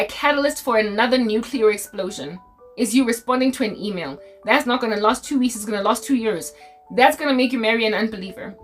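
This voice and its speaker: A young South African woman with a South African accent, giving a casual, animated Christian talk full of jokes and asides. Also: fairly high pitch. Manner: animated, code-switching, jokey. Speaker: Christian video creator. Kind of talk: casual preaching monologue.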